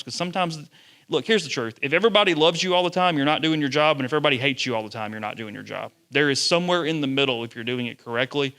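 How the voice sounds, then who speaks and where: A man, a sports journalist telling lively stories to students. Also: medium pitch, clear, resonant tone. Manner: animated storyteller, acts out quotes. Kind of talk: storytelling talk to students.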